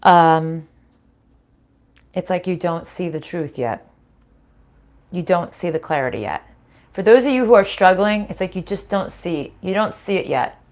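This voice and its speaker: A woman's voice: on the low side, lively intonation, unhurried, pauses often, darkish tone. Blunt, swearing woman reading tarot cards. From United States. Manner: blunt, swears freely, laughs often. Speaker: tarot reader. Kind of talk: casual spiritual card reading. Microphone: desk microphone.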